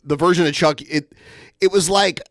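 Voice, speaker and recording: A man's voice: a little high, fairly even intonation, normal speed, no room sound, clean studio sound. A man hosting a podcast, telling a story in a rambling, conversational way. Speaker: host. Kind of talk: casual podcast chat.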